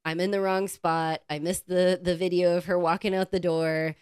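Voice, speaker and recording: A woman co-hosting a podcast, telling a casual story in a lively, swearing, animated way and acting out the quotes. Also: lowish voice, normal speed, smooth, dry recording. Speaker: podcast co-host.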